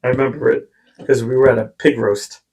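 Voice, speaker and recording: A podcast host chats casually, rambling through stories, acting out quoted voices, and breaking off to restart his sentences. He has a medium-pitched, level, darkish voice that is slightly rough and brisk.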